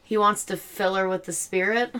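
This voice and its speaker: Woman podcast co-host, jokey and animated, chatting at home with her dogs around. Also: medium pitch, moderate pace, a little hiss or hum. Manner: animated, joking, talks over her co-host. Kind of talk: casual podcast chat.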